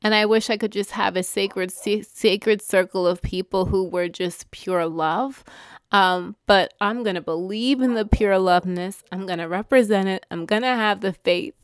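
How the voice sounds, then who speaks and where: Heartfelt woman sharing, smooth and close. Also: mid-range voice, normal speed, dry recording. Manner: heartfelt, rambling, with self-corrections and soft laughs. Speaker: vlogger. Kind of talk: emotional personal sharing.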